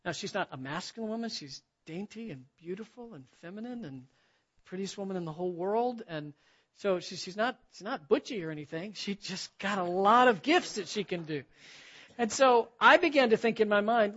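A man's voice: sits high, expressive, brisk, fairly bright tone. A middle-aged man preaching to men in a church, telling self-deprecating stories with easy humor. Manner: self-deprecating storytelling with frequent laughs. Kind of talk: sermon to a men's gathering. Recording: dull lo-fi recording.

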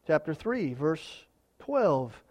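High-voiced preacher, loud then hushed. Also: male voice, very animated. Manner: swings from loud emphatic declarations to quiet quick asides. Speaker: pastor. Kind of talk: sermon.

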